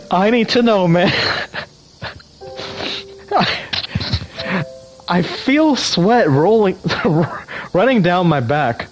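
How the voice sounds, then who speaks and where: A man's voice: high-pitched, sing-song, drawn-out words, long pauses, soft background music, poor audio. Joking, swearing male streamer. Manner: joking, swearing, laughing often while reading game text aloud. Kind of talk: casual livestream gaming chat.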